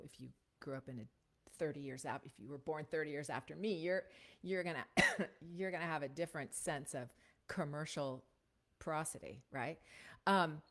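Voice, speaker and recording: A middle-aged woman, a voiceover coach, talking to a live class in a chatty, rambling way and often checking in with "right?", on a shotgun studio microphone at a home computer setup. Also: low-pitched. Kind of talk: casual livestream teaching chat.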